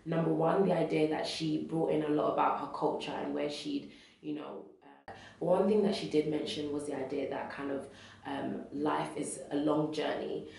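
A young woman giving a thoughtful, measured interview answer, pausing with fillers as she reflects. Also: deep voice, fairly even intonation, vocal fry, darkish tone. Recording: echoey room, distant mic.

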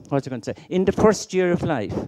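Homem irlandês em palestra enfática. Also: male voice, fairly high pitch, darkish tone. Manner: rhetorical questions, emphatic, storytelling. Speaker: keynote speaker. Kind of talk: conference keynote talk.

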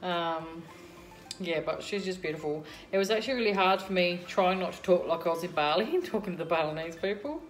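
An Australian woman chats casually to her viewers from her kitchen, rambling from one thing to the next with plenty of ums. Her voice sits a little low, and soft music plays faintly behind her. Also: expressive, fairly quick. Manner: chatty and rambling, many ums. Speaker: vlogger. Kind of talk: casual chat to camera.

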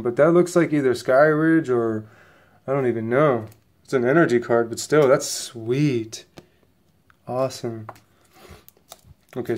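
An excitable man chats to his viewers in a loose, rambling unboxing vlog, his voice sitting at an ordinary middle pitch. He sounds a bit sniffly, as if a cold is coming on. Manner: excitable, rambling, chatty, talks straight to viewers. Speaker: channel host opening trading cards.

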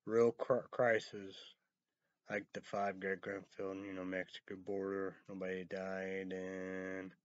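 Rambling man spelling words out, lo-fi. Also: takes it slowly. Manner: rambling, spells words out letter by letter, bursts into high excited outbursts. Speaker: vlogger. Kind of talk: rambling casual monologue. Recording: dull lo-fi sound.

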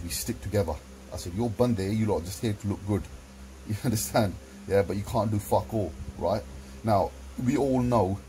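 Blunt, low-voiced man. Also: mellow, slight background noise, low-quality recording. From London. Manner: blunt and heavy with swearing. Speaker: vlogger. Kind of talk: casual monologue to camera.

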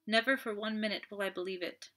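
A woman's voice: mid-range voice, fairly even intonation, quick pace, bright, forceful tone, lightly acted. A woman voicing a distraught young Frenchwoman who pleads with emotion in an audiobook reading. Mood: despairing.

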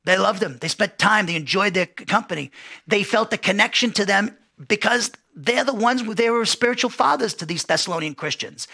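A man's voice: high-pitched, fairly quick, creaky, bright, forceful tone, breathy edge. A middle-aged man teaching an expository Bible lesson in a conversational way, often restarting phrases and reading quotes aloud.

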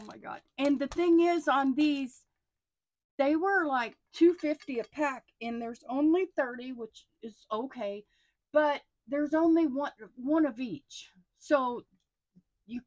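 A middle-aged woman, chatting casually as she unboxes stationery. She gushes with excitement and often drops into hushed asides. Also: high voice, unhurried, no room sound. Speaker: stationery haul vlogger.

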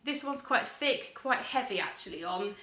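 Her voice a little high, pushed and bright, a young woman talks at a moderate pace with lively intonation. She's vlogging casually from upstairs at home, enthusiastic and slightly rambling as she presents what she found.

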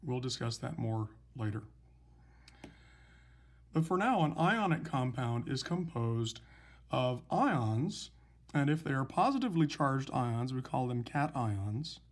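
A man teaching a recorded chemistry lesson, explaining patiently and slowly with some fillers. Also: mid-range voice, big pitch swings. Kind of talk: recorded lecture, writing examples.

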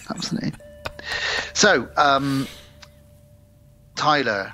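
A man's voice: mid-range voice, normal speed, fairly bright tone, husky, faint music behind. A man co-hosting a podcast, recapping a film plot in a rambling, sweary, casual way. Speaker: podcast co-host. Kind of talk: casual film review chat.

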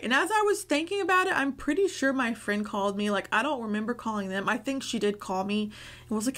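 A woman's voice: on the high side, expressive, fast, fairly bright tone. Chatty woman with a raised voice. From Nashville, USA. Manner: rambling, chatty, frequent filler words. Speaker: YouTuber sharing a testimony. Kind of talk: casual personal storytelling.

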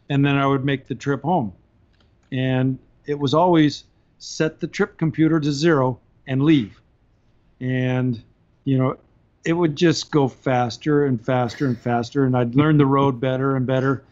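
A man telling long stories on a podcast in a casual, animated way, often laughing as he talks. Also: medium pitch, moderate pace. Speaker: podcast guest. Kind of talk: casual storytelling. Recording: dull lo-fi podcast audio.

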